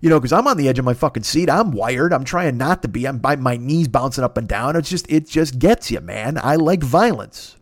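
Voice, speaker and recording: A man in his fifties telling a rambling story in a casual, profane and excitable way. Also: mid-range voice, brisk, hardly any pauses, no echo, studio quality. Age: 50s.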